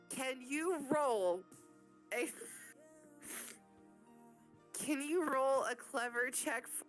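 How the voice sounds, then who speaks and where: A woman game master narrating a tabletop game in a casual, profane style, laughing as she calls for rolls. Her voice sits at an ordinary mid pitch, with soft music playing in the background.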